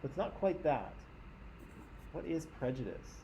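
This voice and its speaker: A man's voice: on the high side, sing-song, unhurried, creaky, warm tone, dull audio, a little hiss or hum. A man from Canada, teaching a class in a conversational lecture and often checking in with his listeners.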